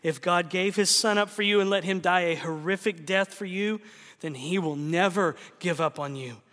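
A man preaching a sermon, swinging from loud fervent cries to hushed near-whispers. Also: high-pitched, moderate pace. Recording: long hall reverb.

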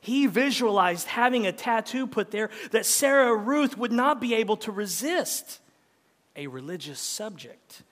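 A man preaching a sermon, reading a story aloud with dramatic swings from loud lines to hushed ones. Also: sits high, lively intonation, unhurried. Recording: long hall reverb.

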